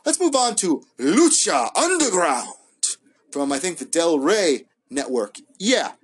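A man's voice: on the high side, sing-song, slow, husky. A man casually reviewing wrestling episodes on his own show, rambling and hesitant, full of fillers and restarts. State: high. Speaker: wrestling podcast host.

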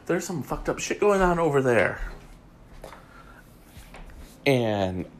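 Chatty man with a lively, up-and-down voice. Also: medium pitch, slow pace, slight background noise. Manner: chatty, frequent ums, reads items aloud. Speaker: podcast host. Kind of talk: casual gossip commentary.

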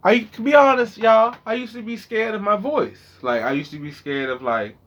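Speaking at a normal speed, this thirty-something male vlogger addresses viewers directly in a loose, rambling monologue peppered with slang and curses. His volume swings from low mumbles to loud moments, captured in dull, lo-fi audio.

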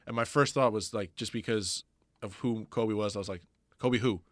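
A man talking as a guest on a podcast, fast and halting, with many restarts. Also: lowish voice, no room sound, clean studio sound. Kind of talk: casual podcast chat.

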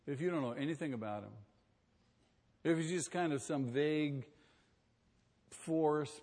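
A pastor preaching a sermon, emphatic, asking rhetorical questions and swinging between quiet and loud. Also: male voice, medium pitch, in a large hall.

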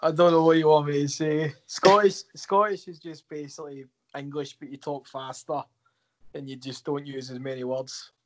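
A man's voice: a little high, level tone, moderate pace, a little mellow. A man guesting on a podcast as a hockey assistant coach, answering fan questions with self-deprecating jokes. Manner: joking, self-deprecating, chatty. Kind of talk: casual podcast interview.

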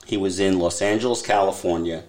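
A man's voice: deep voice, fairly even intonation, a little fast, darkish tone. A middle-aged man co-hosting a podcast, telling a story in casual chat and slipping into quoted voices. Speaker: podcast co-host.

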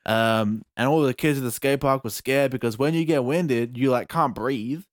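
A young man with an Australian accent telling a story in a casual chat, animated and swearing freely. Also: mid-range voice, moderate pace, no echo, studio quality.

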